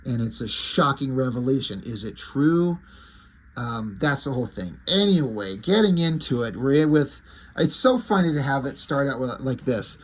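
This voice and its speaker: Husky, rambling comic-book reviewer man. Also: medium pitch, animated, normal speed. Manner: rambling, hesitant, enthusiastic.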